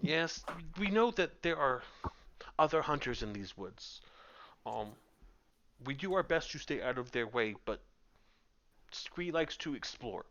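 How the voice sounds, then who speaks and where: A man voicing a polite, cautious young male goblin in a squeaky, formal voice, heard over muffled voice-chat audio. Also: fairly bright tone. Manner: formal, courteous.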